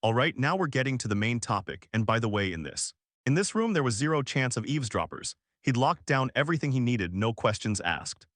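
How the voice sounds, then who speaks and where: A man's voice: mid-range voice, very animated, a little fast, fairly bright tone, no room sound, clean studio sound. A man narrating a story recap in a casual, punchy, slangy way, sometimes restarting a word.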